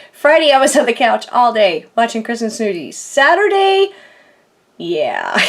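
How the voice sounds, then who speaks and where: Casting note: bubbly high woman crafter, casual rambling vlog chat, laughs often, sore back. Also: a bit bright. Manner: rambling, giggly, frequent fillers. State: sore back, groans a little. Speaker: crafting vlogger. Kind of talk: casual chatty haul video.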